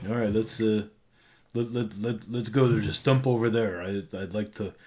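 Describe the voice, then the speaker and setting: A man's voice: fairly low pitch, steady tone, moderate pace, a little mellow. A man running a tabletop game as game master, rambling with fillers and restarts.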